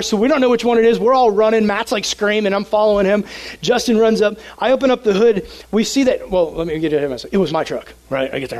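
High-voiced energetic male preacher. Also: fast talker, rough recording. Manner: animated storytelling, energetic. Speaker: youth pastor. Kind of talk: sermon with a personal story.

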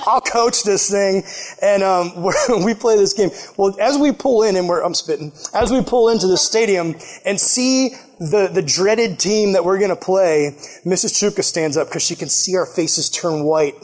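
A young man preaching a casual storytelling sermon to a youth group, animated and jokey, laughing at himself as he tells a story. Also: sits high, normal speed. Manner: animated, jokey, self-deprecating with frequent laughs. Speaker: youth pastor. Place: church youth service.

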